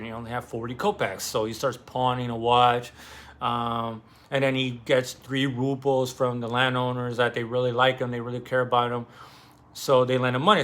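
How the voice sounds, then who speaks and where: A man's voice: mid-range voice, pushed and bright. Rambling young man summarizing a novel. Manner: rambling, swearing, acts out characters' lines. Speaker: book discussion host. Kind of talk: casual book summary.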